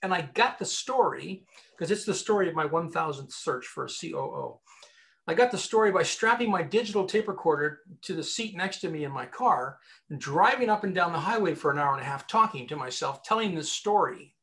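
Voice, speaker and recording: A man's voice: on the high side, fairly quick. A man who works as a recruiter and author, telling stories emphatically as a guest in an interview. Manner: animated storyteller, emphatic. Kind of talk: conversational interview.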